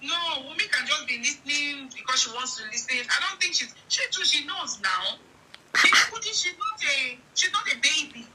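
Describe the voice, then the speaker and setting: A woman's voice: high-pitched, lively intonation, normal speed, heavy background noise. A woman with a Nigerian accent giving heated casual commentary, firing off indignant rhetorical questions.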